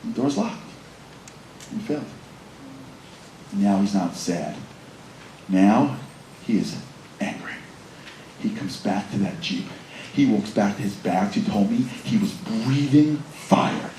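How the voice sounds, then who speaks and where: A man giving a motivational storytelling talk to a school audience, telling the story in an animated way and acting out the characters. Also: fairly low pitch, takes it slowly, long pauses. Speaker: guest speaker. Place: school assembly hall. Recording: echoey hall with faint room noise.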